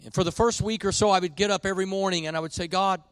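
A middle-aged man preaching a sermon in a church, folksy and confessional, swinging between quiet admissions and loud emphatic points. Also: high voice, fairly even intonation, racing, clear, resonant tone, no echo. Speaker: pastor.

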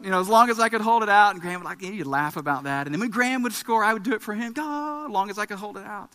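A high, bright male voice delivers a sermon with lively storytelling and punchy emphasis. He sounds like a pastor in his thirties. His words ring out with a long reverb in a large hall. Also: very fast. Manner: animated storytelling with emphatic rises.

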